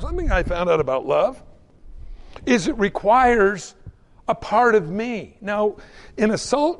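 A man preaching a conversational sermon, acting out little everyday exchanges between people. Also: high voice. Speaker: pastor.

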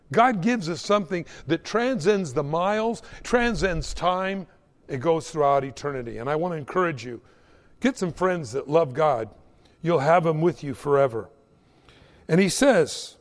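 A male pastor preaching with animated storytelling energy. His voice sits high and swings widely in pitch. The sermon rings with a long hall echo. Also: a little slow.

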